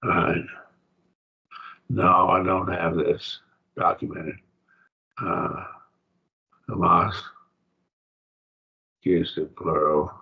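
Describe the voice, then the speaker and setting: A man's voice: sits low, little pitch movement, takes it slowly, gravelly, long pauses, muffled recording. A man teaching a college-level Bible study class, taking his time as he works through Greek grammar point by point and checking in with his students.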